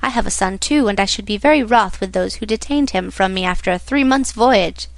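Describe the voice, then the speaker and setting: A woman's voice: mid-range voice, a little fast, no echo, lightly acted. A woman reading the part of a fatherly, encouraging older male shipowner in a storybook.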